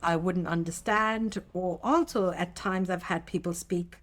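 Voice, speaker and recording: A middle-aged woman, a mother living in Australia, telling stories in animated casual chat as a podcast co-host. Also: fairly low pitch, unhurried.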